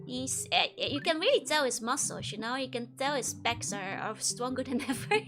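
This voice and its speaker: Chatty dutch girl streaming a game, laughs at everything, squeaky voice that jumps around. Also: animated, normal speed. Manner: giggly, chatty, answers chat. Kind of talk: casual gameplay commentary. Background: game music.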